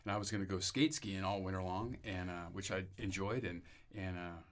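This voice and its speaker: A man's voice: deep voice, fairly even intonation, fairly quick. A man telling a rambling personal faith testimony in an interview, with restarts and laughter. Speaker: interview guest.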